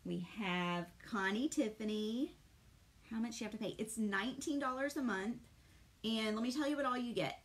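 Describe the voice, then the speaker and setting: A woman's voice: on the high side, moderate pace. A middle-aged woman, chatting with viewers and greeting them by name while she paints live. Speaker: painting instructor. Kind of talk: live-streamed craft session.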